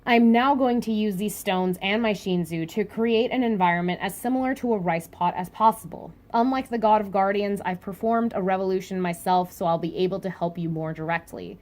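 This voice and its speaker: A woman reading aloud the lines of a calm, powerful male mentor figure in a measured way. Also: medium pitch, lightly acted.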